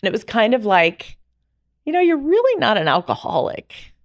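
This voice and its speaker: A middle-aged woman telling her personal story as a podcast guest, lively and acting out the dialogue she remembers. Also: on the high side, normal speed, dry recording, clean studio sound. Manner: animated, acts out quoted dialogue.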